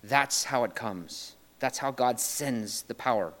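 A man preaching a sermon in a conversational way, often checking in with "right?" and paraphrasing scripture in lively everyday terms. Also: mid-range voice, takes it slowly. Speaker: pastor.

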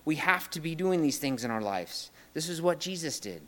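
A man preaching a sermon in a conversational way, often checking in with "right?" and paraphrasing scripture in lively everyday terms. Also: a little high, moderate pace. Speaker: pastor.

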